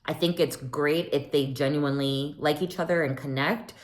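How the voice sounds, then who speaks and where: A woman hosting a casual TV recap, chatty and animated, often acting out what people said. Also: deep voice, normal speed. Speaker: recap podcast host.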